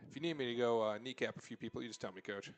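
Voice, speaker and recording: A man's voice: medium pitch, very fast. A man sits in as color commentator at a local soccer game and pokes fun with dry, teasing remarks. His voice sits in a middle register.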